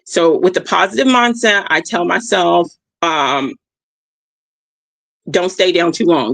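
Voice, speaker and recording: A woman's voice: on the low side, slow pace, vocal fry, pauses often, no room sound. A woman hosting a motivational livestream. She repeats her key phrases and keeps checking in with her listeners. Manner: addresses listeners warmly as "y'all". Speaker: livestream host. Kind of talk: motivational reflection talk. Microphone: streaming mic.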